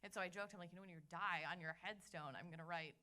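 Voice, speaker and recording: A young woman talking quickly with a bright, forward tone as she opens up to an interviewer. Her pitch sits a little low for a woman. She fills her sentences with "like" and starts over mid-thought. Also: steady tone. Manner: chatty, many "like"s and restarts. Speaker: interview guest sharing her story. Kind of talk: candid conversational testimony.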